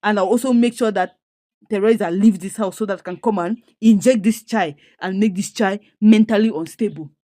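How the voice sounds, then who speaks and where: A woman's voice: medium pitch, normal speed, dark tone, dry recording, close to an everyday voice. Nigerian woman reading a meddling male schemer, exclamatory, dry close sound. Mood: scheming. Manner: pushy, exclaiming.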